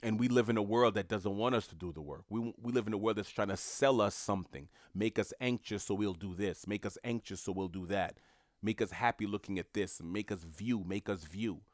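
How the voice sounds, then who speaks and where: A man's voice: fairly low pitch, fairly quick, dry recording, clean studio sound. A man delivering a motivational monologue, emphatic and repetitive, in a coaching tone. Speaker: motivational speaker.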